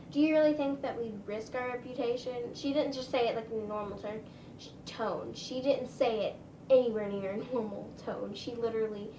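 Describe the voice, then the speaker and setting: A woman's voice: fairly high pitch, roomy sound, distant mic, slight background noise, rough recording. A woman vlogger telling a casual storytime, rambling, with lots of "like" and "um". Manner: chatty, rambling, full of "like" and "um".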